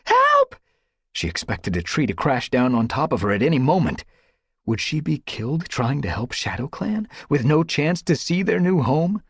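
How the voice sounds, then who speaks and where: A man reading a dramatic audiobook story with expressive, dramatic storytelling. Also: mid-range voice, normal speed, breathy edge, dry recording. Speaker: audiobook narrator. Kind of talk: audiobook narration.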